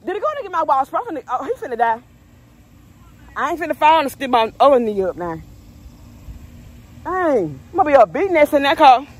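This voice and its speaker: Someone else holds the phone camera as this mother chats on a neighborhood street for her vlog, animated and full of slang. Her high voice is sing-song, and she talks briskly, pausing often.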